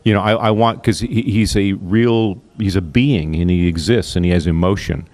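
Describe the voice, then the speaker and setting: Brief: veteran voice actor at a panel mic, lowish voice, thoughtful and loose. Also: male voice, a little mellow. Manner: reflective, drifting into quick character voices. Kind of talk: relaxed panel talk. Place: convention panel room.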